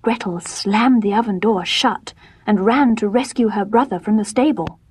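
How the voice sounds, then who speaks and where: A woman narrates a storybook softly in gentle, measured tones, her medium-pitched voice husky and breathy.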